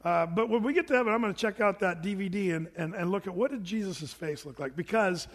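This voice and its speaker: A man's voice: high-pitched, fast, long reverb tail. A man preaching a casual, joking sermon, acting out the people in his stories. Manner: informal, joking asides, acts out the people in the stories. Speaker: pastor. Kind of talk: conversational sermon.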